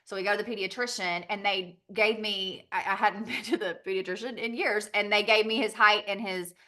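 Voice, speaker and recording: A woman's voice: medium pitch, steady tone, fairly quick, pushed and bright. A woman with a Southern US accent giving a chatty training talk on a team call, laughing often and acting out little quoted exchanges.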